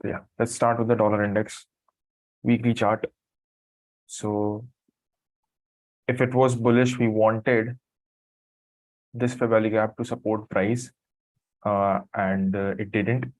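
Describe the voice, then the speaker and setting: Drowsy low-voiced man doing market commentary. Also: level tone, a little mellow, dry recording, low-quality recording. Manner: halting, apologetic, thinking aloud. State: just woke from a nap, morning voice. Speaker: trading streamer.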